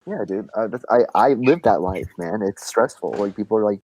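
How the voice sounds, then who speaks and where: A man's voice: lowish voice, a little fast, hardly any pauses, a little mellow, breathy edge, no room sound, poor audio. A young man chatting on a podcast, swearing freely and rambling through a story. Nearly every phrase has a "like" or "man" in it. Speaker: podcast co-host telling a story. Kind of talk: casual profane chat.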